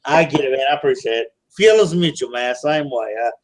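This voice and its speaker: A man's voice: medium pitch, expressive, a little fast. A man co-hosting a casual wrestling podcast, answering in a hesitant, laid-back way. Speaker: podcast co-host.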